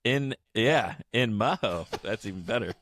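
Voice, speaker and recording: A man's voice: on the low side, unhurried, no room sound, studio quality. A young man co-hosting a podcast in casual chat, telling stories with lots of swearing and laughter. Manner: animated storyteller, swears freely, laughs often. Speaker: podcast co-host.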